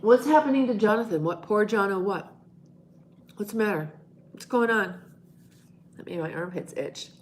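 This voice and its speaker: A woman's voice: medium pitch, lively intonation, moderate pace, long pauses, slight background noise. A woman hosting a casual live stream, chatting with her viewers in a playful, teasing way. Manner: playful, teasing, breaks into loud monkey noises.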